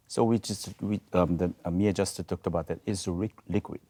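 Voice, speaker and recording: A man speaking on a diction panel in a studio, halting and searching for words as he demonstrates syllables aloud. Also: low-pitched, fairly even intonation, mellow. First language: Korean. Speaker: roundtable panelist, choir teacher. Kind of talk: explaining diction at a panel discussion. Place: video studio.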